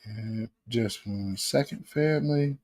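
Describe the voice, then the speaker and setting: A man hosting a casual livestream, reacting to clips with animated commentary, laughing often and greeting viewers by name. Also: mid-range voice, slow pace.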